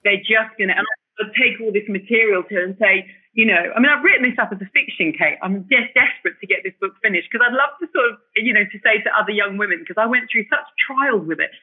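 A woman telling her story as an interview guest, animated and emotional, often restarting her sentences. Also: medium pitch, fast, breathy edge. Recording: tinny phone-like line.

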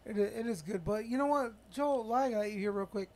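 A man in casual podcast chat, an animated storyteller who swears freely and rambles. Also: high-pitched, a little fast.

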